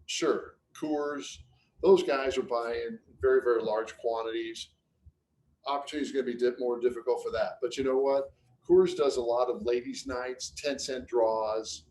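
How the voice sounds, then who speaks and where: Male presenter, mid-pitched, loose and anecdotal, restarts his phrases, webinar mic. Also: a little mellow, low-quality recording. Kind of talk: casual business webinar talk.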